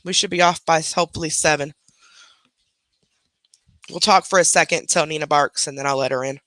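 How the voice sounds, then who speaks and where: A woman's voice: deep voice, brisk, a bit bright, dry recording. A woman, chatting bluntly with her livestream audience from home. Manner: chatty, blunt, talks to pets and chat. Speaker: livestream reaction host. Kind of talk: casual livestream chat.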